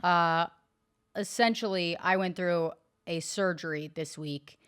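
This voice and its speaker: A woman co-hosting a podcast in a studio, chatting casually and ribbing her co-host with deadpan teasing. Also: fairly low pitch, unhurried, clear, resonant tone. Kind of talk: casual comedic chat.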